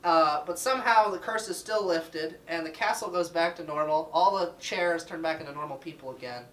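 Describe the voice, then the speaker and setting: A man's voice: on the high side, moderate pace, a bit bright, recorded from a distance, rough recording. A young man telling a crude, joking summary of a story in a casual, rambling way with plenty of fillers. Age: teens or young adult. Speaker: student narrator.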